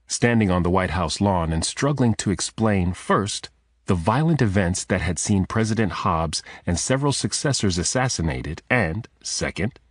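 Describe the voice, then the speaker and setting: A man narrating a thriller audiobook in a measured, steady storytelling manner. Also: on the low side, dry recording, clean studio sound. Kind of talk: scripted narration.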